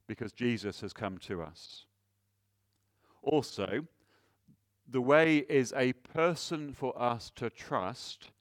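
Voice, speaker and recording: In this dry, clean studio recording, a man with a medium-pitched voice delivers an earnest sermon. He leans on rhetorical questions, often starts phrases over, rises in volume for key points, and drops quiet for emphasis.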